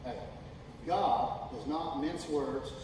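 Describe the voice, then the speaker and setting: A man preaching a sermon as pastor, folksy and emphatic, building from calm talk to loud, drawn-out shouting. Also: fairly high pitch. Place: church sanctuary. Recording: echoey hall, distant mic, noisy.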